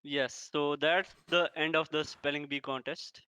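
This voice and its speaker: Mock-stern teacher with a bright voice. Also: male voice, on the high side, fairly even intonation, unhurried, clean tone, dry recording, rough recording. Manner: mock-stern, hesitant with many fillers. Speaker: teacher running a spelling bee. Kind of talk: comedic classroom role-play.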